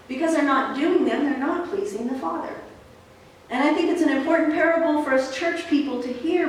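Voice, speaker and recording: A woman pastor preaching a sermon in a relaxed, conversational storytelling way, with fillers. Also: high-pitched, a little hiss or hum. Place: church sanctuary. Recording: echoey church hall from far off.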